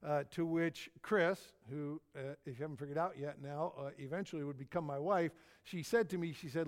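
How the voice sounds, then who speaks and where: Middle-aged man, pastor, folksy anecdotal sermon, repeats phrases, fairly high voice. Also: moderate pace, few pauses. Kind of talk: sermon storytelling.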